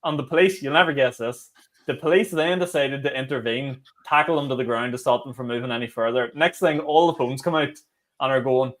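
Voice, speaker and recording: A young Northern Irish man co-hosting a podcast, telling stories in rapid casual chat, swearing and acting out quotes. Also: medium pitch. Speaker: podcast co-host.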